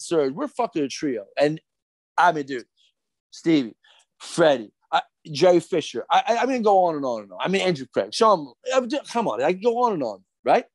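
A man's voice: a little high, dry recording. A middle-aged man, a skateboarder guest on a podcast, ranting heatedly with lots of swearing and repeated fillers. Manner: profane, fired up, repetitive fillers.

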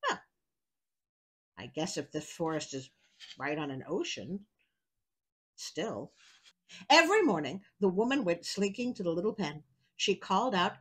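A woman's voice: lowish voice, big pitch swings, unhurried, pauses often, fairly bright tone, slightly rough, poor audio. A woman hosting a storybook reading, breaking off for wry, chatty asides. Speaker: storyteller host.

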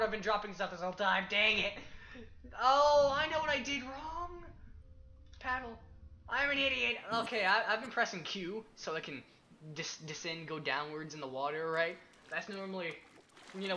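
A young man casually commenting as he plays a survival game, chatty and excitable, talking to himself and the objects in it. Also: high voice, slight background noise. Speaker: gaming YouTuber. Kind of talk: casual let's-play commentary.

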